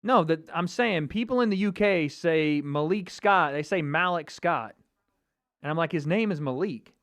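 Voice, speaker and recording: A man's voice: sits high, moderate pace, a bit bright, dry recording, clean studio sound. A man hosting a casual livestream watch party, chatting and reacting to viewer comments. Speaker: livestream host.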